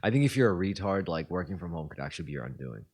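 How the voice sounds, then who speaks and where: A man's voice: deep voice, very animated, rapid-fire, darkish tone, husky. A man co-hosting a podcast, chatting casually and joking around, playing with foreign words. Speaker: podcast co-host. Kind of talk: casual chat.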